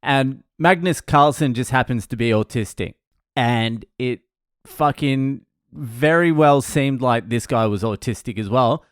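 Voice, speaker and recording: A man's voice: medium pitch, clean tone, no echo, studio quality. Blunt, foul-mouthed man telling stories. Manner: blunt, heavy swearing; wry, self-mocking. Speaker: stand-up comedian. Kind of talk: casual storytelling monologue.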